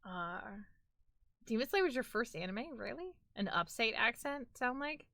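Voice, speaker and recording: A woman's voice: on the high side, big pitch swings, moderate pace, pushed and bright, dry recording, studio quality. A woman with a New York accent chatting casually on a live stream, rambling and filling her talk with "like".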